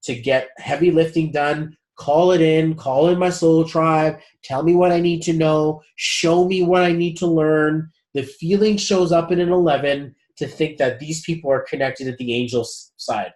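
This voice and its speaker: A man with a somewhat high voice coaches a group in a loose, conversational way. He swears now and then and keeps talking straight to the group as guys. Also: steady tone, normal speed, hardly any pauses, darkish tone. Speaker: spiritual coach leading a group session. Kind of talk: casual group coaching talk.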